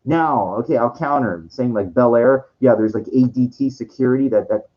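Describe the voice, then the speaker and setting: A male streamer with a mid-range voice talks at normal speed in a muffled recording. His monologue rambles, with restarts and swearing, and he sometimes quotes others in acted voices.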